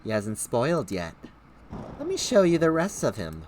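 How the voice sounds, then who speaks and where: A man voicing a calm, polite woman caretaker with a dark side, speaking gently and softly. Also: medium pitch, moderate pace, a little hiss or hum. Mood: sweetly sinister.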